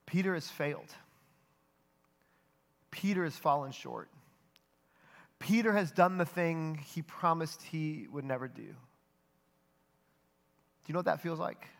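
A man preaching a sermon, telling the story earnestly and dropping his voice softly for emphasis. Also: fairly high pitch, measured pace, creaky, long pauses. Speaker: pastor.

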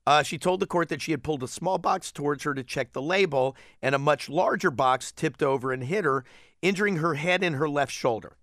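Male talk-show co-host, gravelly, meandering storytelling, close dry mic. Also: on the high side, fairly quick, a bit bright, dry recording. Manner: rambling storyteller, chuckles often. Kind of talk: casual chat, retelling a news story.

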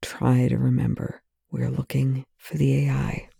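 Brief: reader doing a quiet, steady male officer with a dark, gravelly tone. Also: mid-range voice, unhurried, no room sound, clean studio sound, pitched below the performer's own voice, exaggerated voice. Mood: calm. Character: calm male military colonel, low and steady. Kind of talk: audiobook reading of fan fiction.

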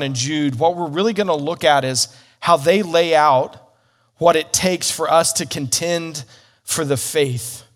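A man teaching the Bible as a sermon, telling a story earnestly with slips and restarts. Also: on the high side.

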